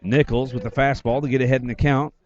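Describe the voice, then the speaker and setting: Man calling high school baseball on radio. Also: steady tone, darkish tone. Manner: brisk, wry, self-correcting calls. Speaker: play-by-play announcer. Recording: slightly dull lo-fi broadcast audio.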